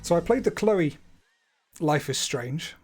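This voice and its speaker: Man, fairly high voice, live gameplay commentary, playful, wordy, faint music behind. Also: lively intonation, slow pace, a little mellow. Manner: chatty, playful, wordy asides. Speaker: gaming streamer.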